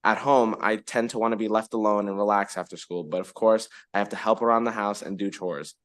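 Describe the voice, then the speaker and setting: Teenage boy reading testimony, lowish voice. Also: fairly even intonation, brisk, a bit bright. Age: teens. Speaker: student witness.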